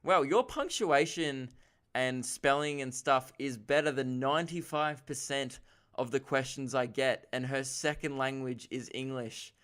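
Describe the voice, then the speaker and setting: A young Australian man hosts a casual comedy podcast and rambles through listener questions. He mocks himself and throws in quick asides. His voice sounds smooth and clear. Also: medium pitch, a bit bright. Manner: rambling, self-mocking, quick asides and laughs.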